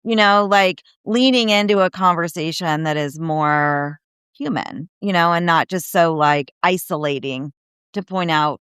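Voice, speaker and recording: Smooth-voiced woman telling animated stories. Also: fairly low pitch, unhurried, no echo, clean studio sound. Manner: animated storyteller, acts out quoted people, many "you know, like" fillers. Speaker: guest, disability advocate and speaker. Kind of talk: casual podcast conversation.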